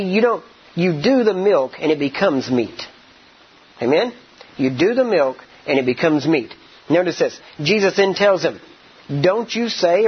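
A man's voice: high voice, slightly rough, dull audio. A man preaching a sermon, emphatic and repetitive, often asking his listeners "Amen?". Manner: emphatic, repeats points, asks the congregation "Amen?".

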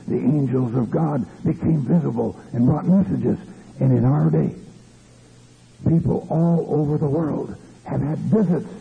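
A man's voice: mid-range voice, vocal fry, husky. A man preaching a fervent sermon, stopping often for hallelujahs and restarting his phrases. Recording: tinny lo-fi old recording.

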